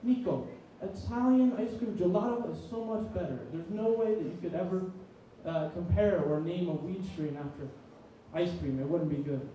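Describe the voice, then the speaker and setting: A man's voice: high-pitched, normal speed, dark tone, a little hiss or hum, natural voice. A young man voicing his old immigrant grandfather, insistent and lecturing, in an echoey room. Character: old immigrant grandfather, opinionated about ice cream. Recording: very echoey room, distant mic.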